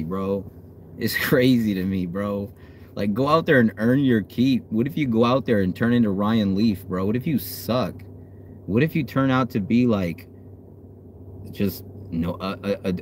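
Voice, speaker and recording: A man hosting a fan livestream, chatting casually and cursing, swinging from low muttering to loud hype. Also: slight background noise. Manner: hyped, profane, swings from low mutter to yelling. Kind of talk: casual live stream chat. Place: outdoors.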